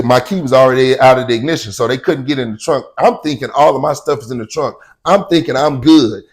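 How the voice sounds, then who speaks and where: With a husky, mid-range voice, a man tells a personal story in relaxed slang. He leans on "you know what I'm saying" and loudly acts out shouted quotes.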